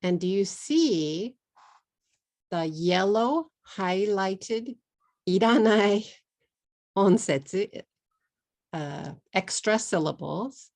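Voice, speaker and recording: A woman with a Texan accent teaching English pronunciation, saying each word slowly and repeating it clearly, with simple Japanese words mixed in. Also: mid-range voice, lively intonation, darkish tone. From Texas. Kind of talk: slow, deliberate pronunciation lesson.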